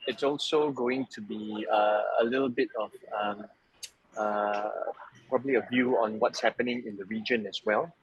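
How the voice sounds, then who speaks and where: A man presenting at an online webinar, relaxed and joking, with plenty of fillers, from Malaysia. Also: on the low side, husky, highs cut off. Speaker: webinar speaker, travel association president. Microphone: video call.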